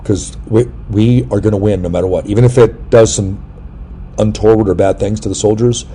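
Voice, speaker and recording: A middle-aged man with a fairly low, warm, mellow voice hosts a casual chat, rambling through jokey stories and now and then yelping loudly. A faint hiss of noise sits under his voice. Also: steady tone, brisk. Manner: rambling, jokey storytelling with sudden loud yelps. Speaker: podcast host.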